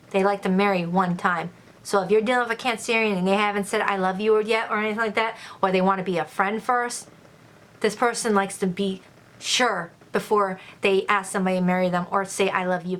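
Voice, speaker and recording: A woman giving a casual tarot love reading to her viewers, gushing and exclaiming with excitement as she turns the cards. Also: mid-range voice, slight background noise. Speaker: tarot reader.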